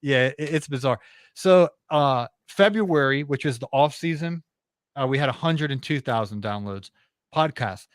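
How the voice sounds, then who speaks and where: Man, mid-pitch, earnest and chatty interview guest, dry close sound. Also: animated, moderate pace, dry recording. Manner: earnest, talkative, many restarts. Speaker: podcast host, interview guest. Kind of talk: casual interview chat.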